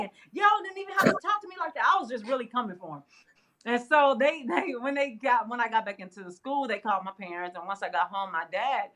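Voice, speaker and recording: A middle-aged woman, a guest on an interview show, telling a personal story in a casual, animated way with frequent laughs. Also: on the high side. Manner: animated, laughs often, fillers like "you know". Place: interview studio.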